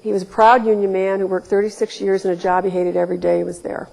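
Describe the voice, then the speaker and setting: A woman in her forties from Ohio tells candid, wry stories at a public talk, punctuated by emphatic quoted asides. Her medium-pitched voice is flat, fast, creaky and somewhat dark, echoing around a reverberant lecture hall.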